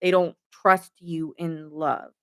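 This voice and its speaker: A woman's voice: low voice, fairly even intonation, slow pace, fairly bright tone. A young woman doing a casual tarot reading for her viewers, chatty and giggling often mid-sentence. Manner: chatty, many fillers like "like" and "giving". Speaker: tarot reader.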